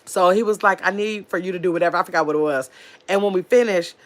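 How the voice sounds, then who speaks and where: A woman's voice: fairly low pitch, fast. A woman chatting casually on her livestream, telling stories and reading viewer comments aloud. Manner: chatty, animated storyteller, reads comments aloud. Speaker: livestream host.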